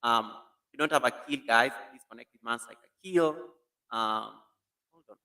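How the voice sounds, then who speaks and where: A man's voice: medium pitch, moderate pace, sharp tone. A man hosting a casual live stream, animatedly greeting viewers by name while testing a new computer mic in an echoey room.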